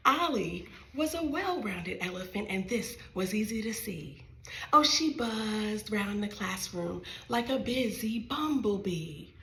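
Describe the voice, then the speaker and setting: A woman's voice: medium pitch, lively intonation, unhurried, pushed and bright, roomy sound, slight background noise. A woman reading her own picture book aloud to small children in a library, playful and sing-song, talking straight to her young listeners.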